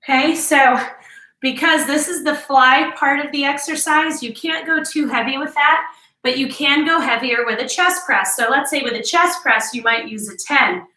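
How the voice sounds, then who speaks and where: A woman's voice: high-pitched, normal speed, sharp tone. A middle-aged woman, out of breath and sighing between sets, leading a workout and coaching the form while she counts reps. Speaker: fitness instructor. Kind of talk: workout instruction. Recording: echoey room, mic at a distance.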